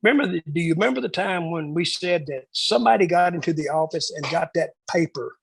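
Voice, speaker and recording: A man's voice: on the high side, animated, fast talker, gravelly, rough recording. A man in a casual interview, telling rambling backstage stories and acting out the lines of the people in them. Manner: rambling storyteller who acts out quoted dialogue. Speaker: guest storyteller.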